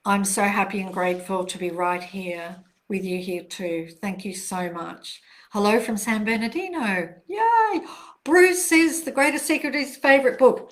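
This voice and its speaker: An older woman, a self-help author, hosts a live Q&A stream, speaking gently and reassuringly with soft pauses and repeated phrases. Her voice is mid-range and expressive.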